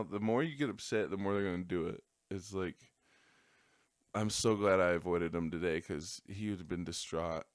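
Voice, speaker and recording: A man's voice: low voice, no room sound, studio quality. A man hosting a podcast, telling a rambling, profane story in a casual monologue and laughing at his own jokes. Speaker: podcast host.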